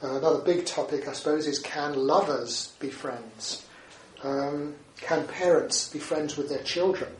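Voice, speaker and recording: Unhurried and slightly high in pitch, a male Buddhist teacher offers a conversational dharma talk, often rounding off points with "isn't it?" and similar questions. It's recorded from a distance, with roomy echo, faint ambience, and slight background noise.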